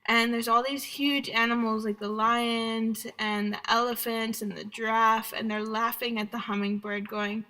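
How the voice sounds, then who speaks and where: A woman's voice: fairly high pitch, creaky, bright, forceful tone, low-quality recording. A young woman, a podcast guest, chatting casually and telling a folktale with frequent laughter. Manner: laughs often, storytelling. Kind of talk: casual interview chat.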